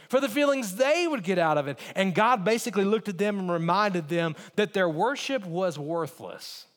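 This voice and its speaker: High-voiced man preaching in a reverberant hall. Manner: earnest, repetitive emphasis, mimics others in asides. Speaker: pastor. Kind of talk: sermon.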